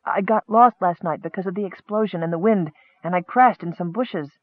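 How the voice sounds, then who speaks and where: A man's voice: high voice, a little fast, no echo, narrow, tinny audio. A man voicing a tearful young male kender, pleading, his voice breaking.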